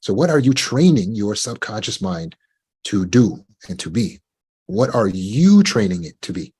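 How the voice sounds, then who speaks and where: Self-help speaker, male, husky low voice, measured delivery with rhetorical questions. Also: very animated, a little mellow. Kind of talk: motivational talk.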